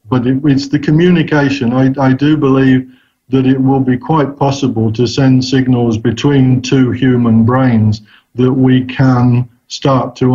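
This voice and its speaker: A man as an interview guest who talks about research thoughtfully, often pausing and restarting his sentences. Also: medium pitch, dark tone. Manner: thoughtful, hesitant, frequent restarts. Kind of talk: casual interview answers. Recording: dull lo-fi recording.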